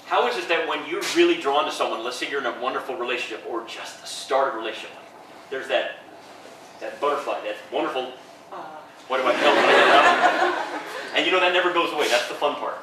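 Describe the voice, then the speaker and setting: A man giving an informal, enthusiastic lecture to students as a professor, upbeat and quick to laugh. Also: medium pitch, animated. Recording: echoey hall, distant mic, background noise.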